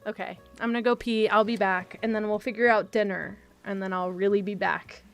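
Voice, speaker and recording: A woman's voice: mid-range voice, fairly even intonation, vocal fry, soft background music. Teary, rambling woman streamer. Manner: rambling, self-deprecating, quick to laugh. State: teary, emotional. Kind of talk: casual stream chat while gaming.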